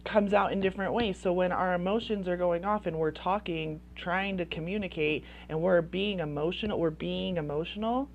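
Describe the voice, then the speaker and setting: A woman's voice: lowish voice, darkish tone, slight background noise. A woman coaching parents in casual advice talk, chatty and full of "like" fillers. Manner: chatty, heavy use of "like" fillers.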